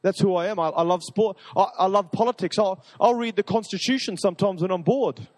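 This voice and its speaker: A man preaching a sermon to a live audience, talking in an energetic, rambling, enthusiastic way. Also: high-pitched, brisk, long reverb tail.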